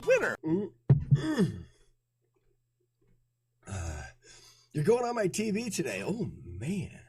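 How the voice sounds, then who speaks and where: A man's voice: sits high, huge pitch swings, extremely slow, darkish tone, soft background music. A man streaming a game and commenting casually, rambling and self-mocking, often laughing and swearing. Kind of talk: casual live gameplay commentary.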